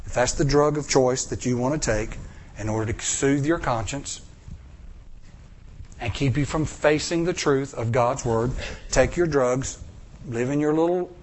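A male preacher, telling a story in a sermon, acting out voices and swinging from loud bursts to hushed lines. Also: medium pitch, a little slow, slight background noise.

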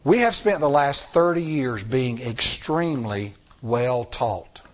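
A man's voice: mid-range voice, expressive, a little slow. A middle-aged man preaching a sermon, telling stories with acted-out dialogue and repeating phrases for emphasis. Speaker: church elder preaching.

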